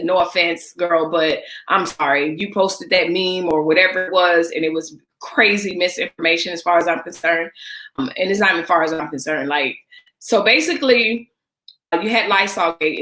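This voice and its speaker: Bright-voiced woman ranting emphatically. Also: on the low side. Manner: emphatic, talks straight to viewers with repeated phrases. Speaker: vlog host. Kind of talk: casual opinion rant on a livestream. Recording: roomy echo.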